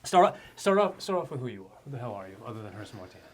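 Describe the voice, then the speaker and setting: A man's voice: medium pitch, sing-song, rapid-fire. A man co-hosting a casual podcast, asking his co-host questions in an interviewer-like way. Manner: prompting, interviewer-like. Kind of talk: casual chat.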